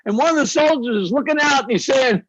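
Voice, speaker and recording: Husky high-voiced man telling jokes. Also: no room sound. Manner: tells jokes in quick voices, laughs at own punchlines. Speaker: stand-up comedian. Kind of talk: joke telling.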